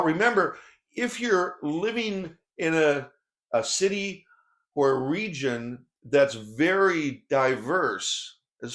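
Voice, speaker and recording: A man giving a seminar talk on workplace conflict, telling stories with animated, shifting delivery. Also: fairly high pitch. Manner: animated storytelling, pace shifting often.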